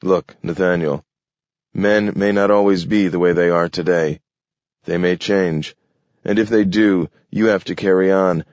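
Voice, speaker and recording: A man playing a determined grown man who speaks briskly and insistently. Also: low voice, fairly even intonation, a little mellow, no room sound, dull audio. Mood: earnest.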